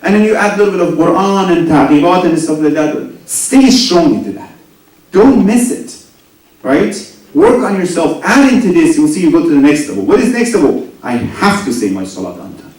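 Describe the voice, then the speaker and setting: Animated preacher man in an echoey hall. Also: high voice, moderate pace, recorded from a distance. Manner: animated, rising and dropping to near whispers, asks the audience questions. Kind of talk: sermon.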